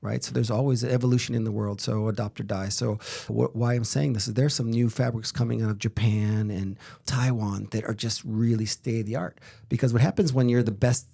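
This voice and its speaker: A man's voice: medium pitch, steady tone, brisk, gravelly, hardly any pauses, warm tone, breathy edge. A middle-aged man from Miami, co-founder of a fashion brand, talking energetically in a casual interview with many restarts. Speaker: fashion brand co-founder and head of product development.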